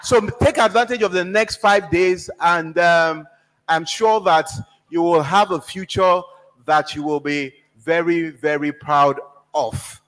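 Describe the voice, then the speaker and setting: A man's voice: fairly high pitch, fairly even intonation, slow, fairly bright tone, long reverb tail, rough recording. A man giving a motivational speech at a youth program, drawing out words and asking the audience questions. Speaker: guest speaker at a youth program.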